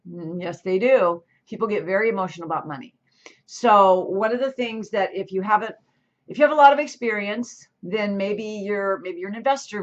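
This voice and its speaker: Middle-aged woman, real estate host type, chatty and rambling with asides, mid-pitched voice, slightly muffled lo-fi audio. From California. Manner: chatty, self-interrupting, lots of asides. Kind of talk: casual talking-to-camera intro.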